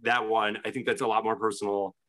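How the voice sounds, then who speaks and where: A man's voice: lowish voice, flat delivery, quick pace, fairly bright tone. A man co-hosting a podcast, telling a story in casual chat with many restarts. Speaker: podcast co-host.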